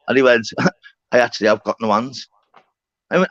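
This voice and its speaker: A man telling a story on a live panel, excitable and sweary, acting out both sides of the conversation. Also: medium pitch, moderate pace, long pauses, dry recording. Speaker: streamer. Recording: slightly dull lo-fi call audio.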